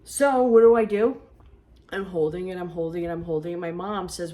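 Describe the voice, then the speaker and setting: A woman co-hosting a podcast, casually telling childhood anecdotes in a chatty, animated way. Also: lowish voice, a little fast. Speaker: podcast co-host. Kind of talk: casual storytelling.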